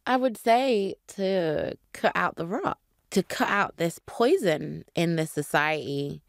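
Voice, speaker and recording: A woman's voice: deep voice, vocal fry, dry recording, clean studio sound. A woman with a British accent who grew up in the UK, talking earnestly and reflectively as a guest on a podcast interview. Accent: British English. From Nigeria, grew up in the UK. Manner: earnest, reflective, animated when indignant. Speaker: actor guest.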